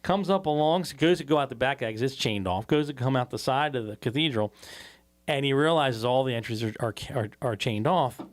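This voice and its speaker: A man co-hosting a podcast, telling a profane story in a casual, animated way. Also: mid-range voice, brisk. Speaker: podcast co-host. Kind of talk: casual chat.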